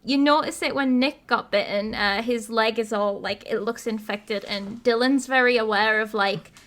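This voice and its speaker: A woman's voice: a little high, moderate pace. A woman podcast host, casually retelling a video game story with lots of laughter. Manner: animated storytelling, laughs often.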